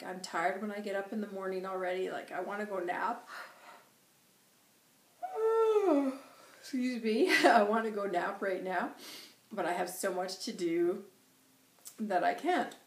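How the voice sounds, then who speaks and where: A woman's voice: medium pitch, moderate pace. A woman hosts a casual channelled reading, rambling through her week in a chatty way and breaking into laughs often. Her voice sits in a mid register for a woman. The sound is roomy and echoey, picked up from some distance away from the mic. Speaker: channeller and host. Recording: roomy echo from far off the mic.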